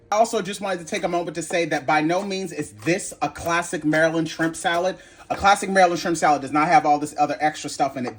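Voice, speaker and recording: A man hosting a home cooking video, talking in a sassy, blunt and animated way with playful exclamations. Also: a little high. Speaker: home cooking channel host. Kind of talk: casual cooking tutorial.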